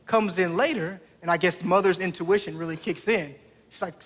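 A pastor in his thirties preaches a sermon through a family story, speaking conversationally and asking the congregation direct questions. His voice is high, fairly quick, and a bit bright.

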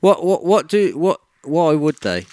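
A man's voice: fairly high pitch, big pitch swings, measured pace, darkish tone. A man, chatting bluntly and jokily as a guest, swearing often. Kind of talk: casual chat.

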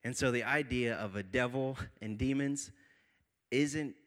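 A man's voice: medium pitch, a little slow, fairly bright tone. A young man preaching to a college group, telling a funny personal story with laughs before moving into scripture. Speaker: pastor.

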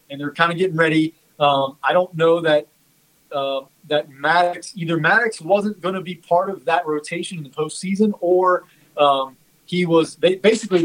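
A man in a casual sports chat, recounting anecdotes in a halting way with many fillers. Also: on the high side, a bit bright, rough recording.

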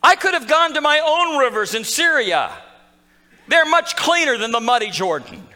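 A man voicing a proud, indignant male army commander who complains loudly and in exasperation. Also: very high voice, animated, moderate pace, big-room sound, pitched above the performer's own voice, heavily acted. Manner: raised, loud, exasperated complaining.

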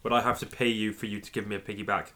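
A man's voice: on the low side, little pitch movement, very fast, pushed and bright, slight background noise, voice pushed down. A man voicing a scruffy, short-tempered three-foot gnome man in a tabletop game, blunt and aggressive. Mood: cheeky.

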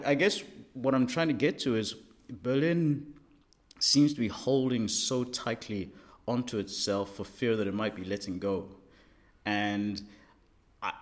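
A man from South Africa hosting a casual group discussion, talking in a thoughtful, halting way with fillers. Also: mid-range voice.

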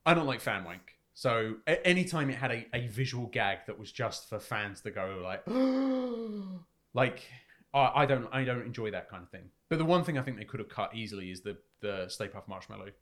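A man co-hosting a casual film podcast, thoughtful and halting, often restarting his sentences. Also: lowish voice, animated, a bit bright. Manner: hesitant, many fillers and restarts, reflective. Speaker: podcast co-host.

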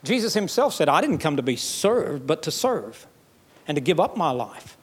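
Emphatic pastor with a Southern US lilt. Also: male voice, a little high, sing-song, normal speed, breathy edge. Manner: emphatic, folksy, rising to loud passages. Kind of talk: sermon.

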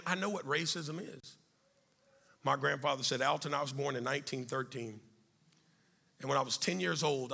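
A middle-aged man telling a life story to an audience, animated and then dropping quiet and serious. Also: medium pitch, creaky, husky. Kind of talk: storytelling talk.

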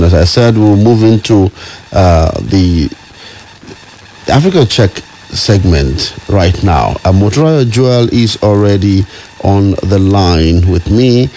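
Man, radio host, deep low voice, relaxed chatty manner, faint hiss. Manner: relaxed, conversational, chuckling. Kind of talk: radio talk show hosting.

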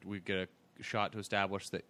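A man's voice: lowish voice, level tone, brisk, pushed and bright. A man co-hosting a casual movie podcast, making blunt, sardonic remarks about the film. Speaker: podcast co-host. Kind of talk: casual movie-review chat.

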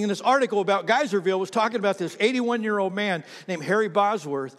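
A man preaching a sermon as pastor, animated, repeating himself and calling on the congregation to read aloud. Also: sits high, fast, few pauses, in a large hall. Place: church sanctuary.

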